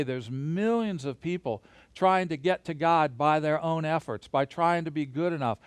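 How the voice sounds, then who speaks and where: Alone in front of a camera, a man teaches a Bible lesson to children and families, leading them through hand motions in a lively, encouraging way. His voice is a little high, clear and resonant, with no room sound.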